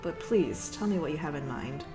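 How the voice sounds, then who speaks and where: A woman voicing a reserved young male guard captain, measured and polite. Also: low voice, expressive. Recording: echoey room with music.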